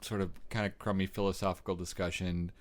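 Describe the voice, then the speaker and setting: A man's voice: deep voice, level tone, fast. A man co-hosting a podcast in casual chat, talkative and laughing often as he trails off and restarts. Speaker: podcast co-host.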